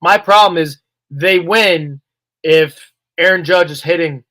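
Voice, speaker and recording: A man's voice: a little high, a little slow, sharp tone, no room sound. A man co-hosting a sports podcast, bluntly and profanely complaining about a player. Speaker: podcast co-host.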